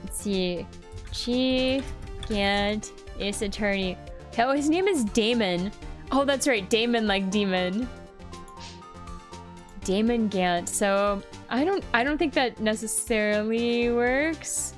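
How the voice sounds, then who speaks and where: A young woman streamer chatting slowly and giggling as she thinks aloud over a game. Her voice sits a bit high, with faint game music behind. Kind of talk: casual let's-play commentary.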